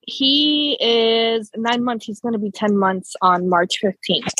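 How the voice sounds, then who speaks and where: A woman's voice: a little high, steady tone, slow pace, fairly bright tone, dry recording, rough recording. An American woman from the Chicago area, co-hosting a podcast in chatty, casual talk with words running together. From Chicago area, USA. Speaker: podcast co-host. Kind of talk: casual chat.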